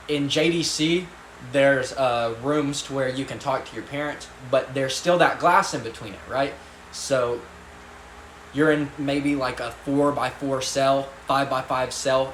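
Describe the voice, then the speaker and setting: A man with a mid-range, slightly bright voice casually recounts a story from his past. He rambles, leans on fillers, swears and laughs along the way, in an echoey room with faint ambient noise.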